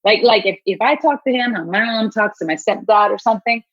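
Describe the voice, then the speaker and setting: A middle-aged woman hosting a podcast in casual chat, animated, acting out quoted voices and laughing often. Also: medium pitch, a little fast, no room sound. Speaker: podcast host. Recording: dull lo-fi sound.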